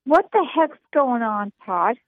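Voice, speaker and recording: A woman's voice: on the high side, big pitch swings, no echo. Tearful woman calling in by phone. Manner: halting, broken, tearful phrasing. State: crying. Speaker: caller. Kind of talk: emotional call-in. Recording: phone line.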